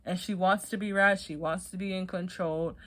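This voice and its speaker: A woman giving a sassy, animated recap of a reality TV episode and acting out quotes from the cast. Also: fairly low pitch, moderate pace. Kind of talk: casual recap commentary.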